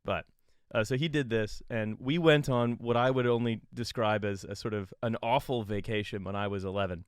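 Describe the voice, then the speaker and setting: Smooth-voiced rambling Canadian storyteller man. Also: lowish voice, fairly even intonation, no room sound, clean studio sound. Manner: rambling storyteller, halting restarts, laughs often. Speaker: podcast co-host. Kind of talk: casual comedic chat.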